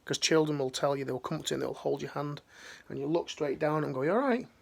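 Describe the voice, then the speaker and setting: Gravelly man, earnest pep talk. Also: fairly high pitch, little pitch movement, fast talker, a little mellow. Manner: earnest, slangy, rambling with restarts. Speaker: life coach, ex-military. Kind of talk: emotional motivational talk.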